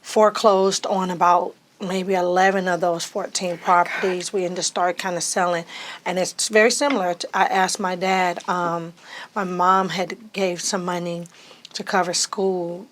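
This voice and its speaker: Animated woman telling her story. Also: measured pace. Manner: animated, acts out quoted speech with big pitch jumps. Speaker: podcast guest. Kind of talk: casual storytelling interview.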